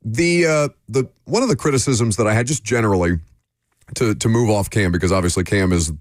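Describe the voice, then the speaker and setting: A sports radio host with a very low voice, voicing opinions frankly and stumbling through restarts as he thinks aloud. The sound is close and dry, straight into a studio mic. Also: fairly quick, no room sound. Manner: opinionated, with frequent fillers and restarts.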